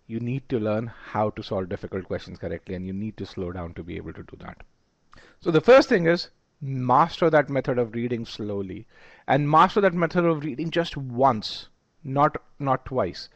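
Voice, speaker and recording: A man's voice: on the high side, no echo. Man, test prep instructor, emphatic webinar lecture, dry close sound, slightly muffled. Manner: emphatic, repeats words while thinking.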